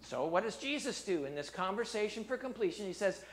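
A man preaching a sermon, reading scripture in a low, quiet voice and rising loud for emphasis. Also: expressive, brisk. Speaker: pastor.

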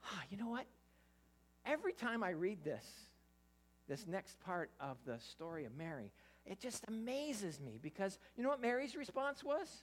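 Preacher at mid pitch, really expressive voice, keeps asking the room stuff, trips over words a lot. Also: normal speed. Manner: animated, quizzes the audience; stammers and restarts often. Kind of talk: interactive Bible sermon.

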